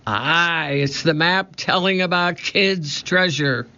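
Man growling as a gravelly pirate captain. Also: on the high side, slow, pushed and bright, voice pushed up, full character voice. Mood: menacing. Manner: growling, roaring pirate talk. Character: gruff scowling male pirate captain. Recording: dull lo-fi recording.

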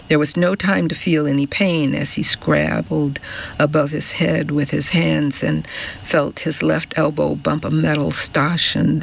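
A man reading an audiobook novel in a measured, deliberate narration. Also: fairly high pitch, gravelly, a bit bright, muffled recording. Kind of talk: scripted narration.

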